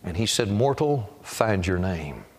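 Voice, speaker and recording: A man's voice: deep voice, very animated, measured pace. Pleading evangelist man preaching. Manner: pleading, repetitive, dramatic storytelling. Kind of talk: revival sermon.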